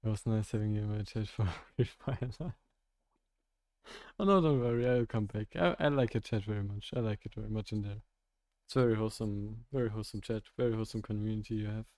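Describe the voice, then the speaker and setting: A young man chats with his viewers during a live coding stream, with a mellow voice. He thinks aloud, stops and restarts, and laughs often. The sound is dry. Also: lowish voice, fairly quick, no room sound. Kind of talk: casual live-stream chat while coding.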